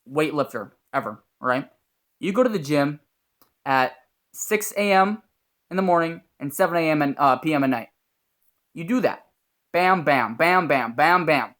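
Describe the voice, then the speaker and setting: A man's voice: on the high side, a bit bright. A young man giving a blunt, profane, earnest motivational talk as a YouTuber. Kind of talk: motivational vlog monologue.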